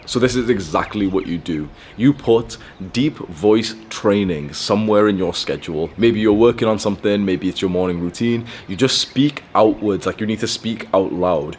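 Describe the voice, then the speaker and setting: A man's voice: sits low, moderate pace, a little hiss or hum. A young man giving blunt, profane self-improvement advice in a casual, rambling monologue. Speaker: self-improvement video host.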